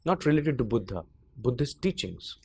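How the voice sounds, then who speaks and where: A man on an interview board asking measured, probing questions in a formal setting. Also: mid-range voice, very animated, slight background noise.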